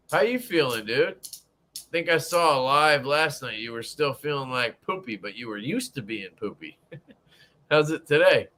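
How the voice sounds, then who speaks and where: Profane, lively young man streaming. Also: mid-range voice, measured pace, a little hiss or hum. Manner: profane, joking, greets chat viewers. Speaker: livestream host. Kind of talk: casual livestream chat.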